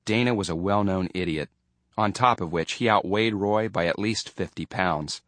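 A man narrating an audiobook in a measured storytelling manner. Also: low voice, a bit bright, no room sound. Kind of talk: scripted narration.

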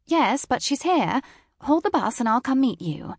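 A woman voicing a flustered young British office worker in a high, hurried, fussing voice. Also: sing-song, husky, dry recording, clean studio sound, full character voice.

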